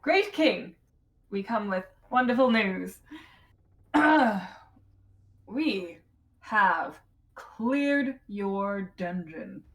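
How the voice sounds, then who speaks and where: A woman's voice: mid-range voice, expressive, drawn-out words, pauses often, fairly bright tone, heavily acted. A woman voicing a boisterous adventurer who speaks formally to a king.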